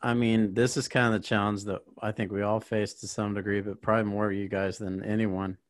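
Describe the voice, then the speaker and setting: A man's voice: fairly low pitch, flat delivery, fairly quick, no echo, studio quality. A man hosting a podcast, asking a thoughtful question of his guest. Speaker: podcast host. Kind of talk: interview question.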